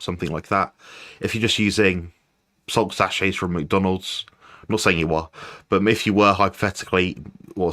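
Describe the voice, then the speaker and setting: A man's voice: low-pitched, a bit bright. A man on a live question-and-answer panel who speaks in a rambling, hesitant way.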